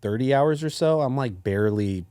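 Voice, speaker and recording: A man co-hosting a podcast in casual chat, jumping high when he quotes characters. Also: moderate pace, no echo. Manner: very expressive pitch, jumps high for quoted voices. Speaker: podcast co-host.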